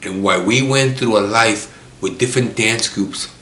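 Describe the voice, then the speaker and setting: Man from chicago, very deep voice, earnest, tearful, echoey room, faint hiss. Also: moderate pace, bright, forceful tone. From Chicago, USA. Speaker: author telling his life story. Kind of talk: emotional personal monologue.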